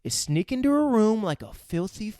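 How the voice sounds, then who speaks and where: A man reciting a film villain's speech in a slow, measured, calm voice. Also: high voice, dry recording, clean studio sound, voice pushed up. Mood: menacing. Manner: slow, measured, drawn-out delivery. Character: calm, menacing male crime boss.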